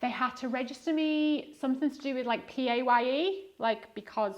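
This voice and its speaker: Woman with a softened Scouse accent. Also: high-pitched, normal speed, lo-fi sound. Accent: diluted Liverpool (Scouse). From Liverpool, England. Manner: rambling, many fillers and restarts. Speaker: guest eBay reseller. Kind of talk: casual podcast chat.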